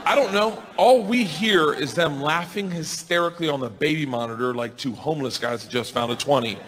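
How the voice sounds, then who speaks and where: A man doing stand-up storytelling on a club stage, rowdy and profane, often shouting. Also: fairly high pitch, a little fast. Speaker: stand-up comedian. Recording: stand-up club, crowd laughter, noise.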